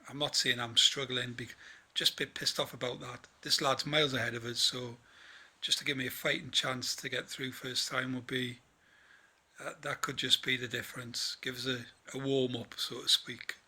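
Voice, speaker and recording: A man's voice: medium pitch, level tone, moderate pace, pushed and bright, husky. A tired man from northeast England, a trainee truck driver chatting in a rambling vlog about his day. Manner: chatty, rambling, many fillers and restarts.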